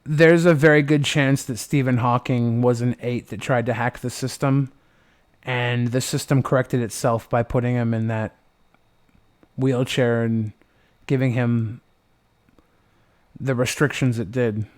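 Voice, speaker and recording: A man's voice: mid-range voice, fairly even intonation, unhurried. Rambling, profane young streamer man. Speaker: livestream host. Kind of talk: casual livestream chat.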